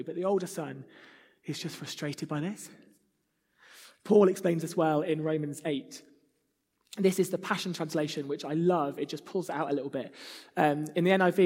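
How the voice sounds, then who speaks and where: Earnest preacher in a reverberant hall. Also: male voice, on the high side, darkish tone. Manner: earnest, acts out whiny child voices. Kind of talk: sermon.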